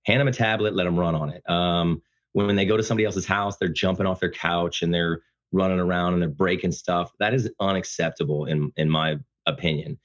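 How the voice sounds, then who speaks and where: A man speaking as a podcast guest, talking about fatherhood in an earnest, emphatic, loud-voiced way. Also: sits low, fairly even intonation, a little fast, muffled recording. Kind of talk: casual interview conversation.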